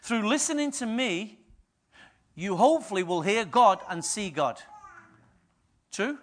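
At a measured pace, a middle-aged man preaches to his church as its pastor, his voice high, bright and forceful. He brings stories to life by acting out the people in them and alternates soft, confiding asides with loud, punchy lines.

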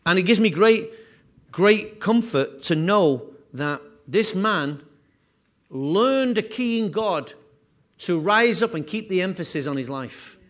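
A pastor delivering a sermon, his voice sitting high for a man. He preaches earnestly, repeating key phrases and restarting lines as he builds his point. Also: lively intonation, slow, a bit bright.

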